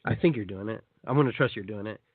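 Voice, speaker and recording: This fairly low, breathy male voice moves quickly, with no echo, over thin phone-line audio. As host of a live call-in radio program and a shamanic guide, he talks with enthusiasm and steers listeners through meditation, often repeating himself and starting over.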